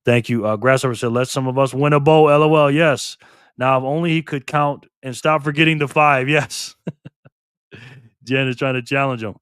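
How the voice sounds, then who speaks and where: An older man hosting a casual live stream, reading comments aloud in a chatty, excitable way. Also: mid-range voice, normal speed, clean tone, no room sound, studio quality. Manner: chatty, excitable, laughs often.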